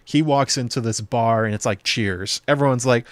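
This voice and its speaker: A man's voice: mid-range voice, no room sound. Chatty man doing a dry casual breakdown. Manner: chatty, loose, with many fillers and quick playful impressions. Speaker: video show host. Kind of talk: casual episode breakdown commentary.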